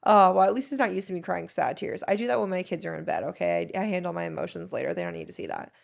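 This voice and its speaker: A woman's voice: fairly low pitch, animated, racing, vocal fry, darkish tone. A woman in her thirties hosting a solo podcast, chatting casually and emotionally as she gushes and tells stories. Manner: chatty, emotional, gushing storyteller. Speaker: podcast host.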